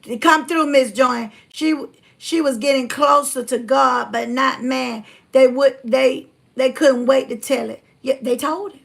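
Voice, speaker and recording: A woman hosting a livestream, talking bluntly and fiery, reading viewer comments and swinging from loud to hushed. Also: sits high, unhurried, creaky. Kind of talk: casual preachy livestream talk.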